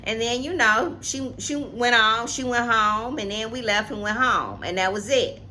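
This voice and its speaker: A woman's voice: fairly high pitch, unhurried, pushed and bright, a little hiss or hum. A woman, telling a personal story in a casual vlog, emphatic and repeating herself. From Atlanta, Georgia, US. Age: 50s. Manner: emphatic, repeats phrases, talks straight to viewers. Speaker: co-host.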